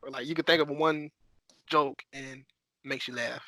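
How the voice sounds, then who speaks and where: Male podcast host, bright voice, dry close sound, easygoing questions. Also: mid-range voice, fairly even intonation, moderate pace, no room sound. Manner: easygoing, short prompts. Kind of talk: casual interview chat.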